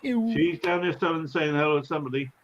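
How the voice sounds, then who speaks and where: A man hosts a casual livestream, chatting and laughing as he greets his viewers. His voice sits a little high. The audio is muffled and lo-fi. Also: lively intonation, a little fast, a little hiss or hum. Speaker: livestream host. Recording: lo-fi dull audio.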